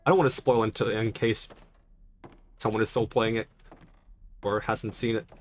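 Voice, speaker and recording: A man's voice: lowish voice, steady tone, normal speed, slight background noise. A young man chatting casually on a live stream while playing, rambling and answering questions from chat.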